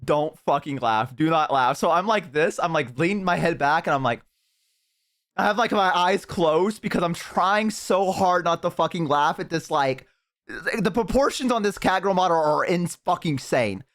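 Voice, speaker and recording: A man streaming from a headset mic, telling his chat a story in a loose, swear-heavy way. He keeps breaking into big, loud laughs, and his voice sits a little high for a man. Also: lively intonation, moderate pace. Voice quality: profane, laughs hard and loud.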